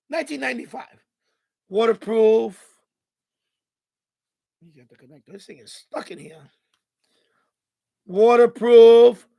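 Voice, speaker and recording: Male livestream host, very high pitch with a fry edge, mad, profane, repeats himself. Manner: angry, profane, repetitive ranting. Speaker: ham radio livestream host. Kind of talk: unscripted livestream rant.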